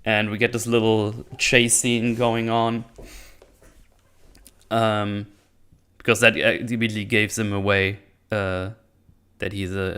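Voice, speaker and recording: A man's voice: lowish voice, a bit bright, smooth. A man hosting a movie review channel, recapping a film in a casual, rambling way with lots of swearing and restarts. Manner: rambling, profane, with frequent restarts.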